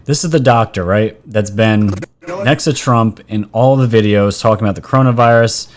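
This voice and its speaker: Man, vlog host, low voice, chatty, excitable, addresses viewers directly, casual commentary. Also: normal speed.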